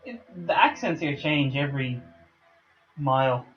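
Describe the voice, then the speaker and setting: A man's voice: mid-range voice, big pitch swings, a little slow. A man with a light Dublin Irish accent joins the banter and plays along with the jokes. His mic sounds dull and lo-fi. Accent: mild Dublin Irish. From Ireland. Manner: chatty, joking along. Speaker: podcast guest co-host. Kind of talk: casual chat.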